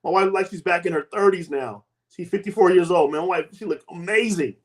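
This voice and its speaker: A man in his fifties, a guest giving a lively personal testimony and acting out the people in it. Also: sits high, a little fast. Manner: animated storytelling, acts out quoted voices.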